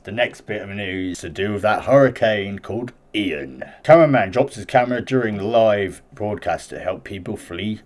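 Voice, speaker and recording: A man with a deep, low voice reads news items aloud in a loose, casual way. He breaks in often with blunt, off-the-cuff reactions and plenty of swearing. It sounds like an informal host chatting through the headlines. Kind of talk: reading and reacting to news stories.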